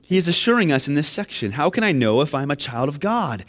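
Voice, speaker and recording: A man's voice: fairly high pitch, very animated, a little fast. A man preaching a sermon, earnest and building to emphatic questions. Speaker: pastor.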